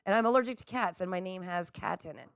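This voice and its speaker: A woman's voice: lowish voice, quick pace, smooth, dry recording, studio quality. A middle-aged woman hosting a livestream, chatting casually with viewers, reading their comments aloud and laughing often. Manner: excitable, laughs often, talks straight to viewers. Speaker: livestream host.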